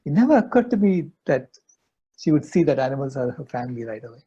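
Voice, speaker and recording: A man's voice: mid-range voice, big pitch swings, fast talker, mellow, breathy edge. An older man, a guest in an interview, earnestly telling a personal story. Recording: dull lo-fi audio.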